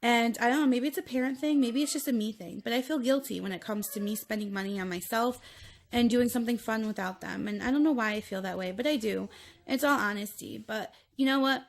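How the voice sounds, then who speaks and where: A woman's voice: on the high side, fairly quick. Earnest, emotional woman vlogging candidly. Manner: earnest and emotional, rambling with restarts. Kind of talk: candid confessional vlog. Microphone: phone.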